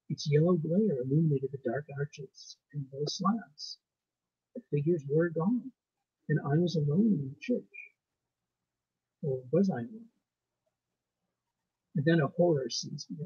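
A man reading his ghost story aloud with a measured, suspenseful delivery and pauses. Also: a little high, warm tone, slightly rough, dry recording. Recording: muffled lo-fi recording.

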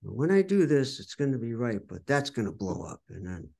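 An older man from the United States tells blunt, candid stories in an interview, and his voice has a gravelly edge. He swears freely and keeps slipping into quoted back-and-forth from old conversations. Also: medium pitch, big pitch swings, moderate pace, a little mellow. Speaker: rock guitarist and songwriter, interview guest.

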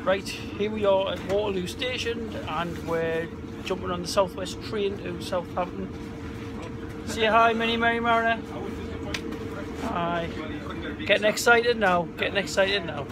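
A man, vlogging casually and excitably on the move through stations and trains, filming on a handheld camera. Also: high-pitched, unhurried, pauses often. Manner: chatty, excitable, laughing often. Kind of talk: casual travel vlog. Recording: crowd and traffic noise around.

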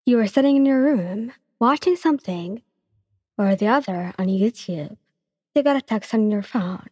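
A young woman softly narrating a second-person ASMR fan story in an even reading voice. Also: medium pitch, moderate pace, breathy edge. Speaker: fanfiction reader. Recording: long reverb.

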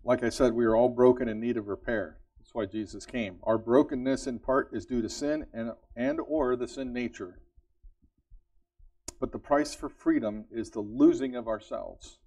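A man's voice: medium pitch, moderate pace, warm tone, dry recording. Male preacher, conversational sermon, questions to the congregation, dry, slightly distant sound. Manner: earnest, conversational, asks the congregation repeated questions; laughs lightly between points. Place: church service.

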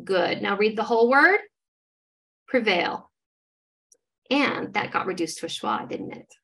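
A woman's voice: mid-range voice, animated, a little slow, vocal fry, sharp tone. A woman giving an instructional demonstration as a literacy trainer, modeling how to decode words step by step in an encouraging way.

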